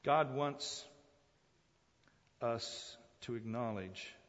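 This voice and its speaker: A male pastor preaching a sermon dynamically, swinging between loud emphatic calls and hushed asides, repeating phrases for emphasis and addressing listeners as folks. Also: mid-range voice, extremely slow. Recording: muffled recording in a long-echo hall.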